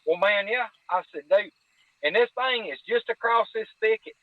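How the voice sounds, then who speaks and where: Over tinny phone-line audio with no echo, a man with a high voice speaks at normal speed as a guest storyteller. He gives a casual, vivid account of a hunting-ground story full of quoted back-and-forth.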